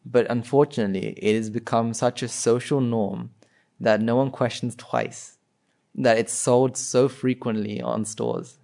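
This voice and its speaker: A man's voice: medium pitch, steady tone, a little slow, gravelly, a little mellow. A man giving an informal talk, asking his listeners rhetorical questions and often restarting his sentences. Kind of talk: informal spoken talk to an audience.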